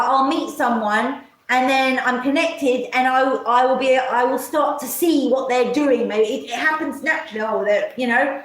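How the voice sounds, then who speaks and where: Woman live streaming a sweary rambling rant, highish voice, echoey room. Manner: swears often, mocks others in put-on voices. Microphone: camera mic.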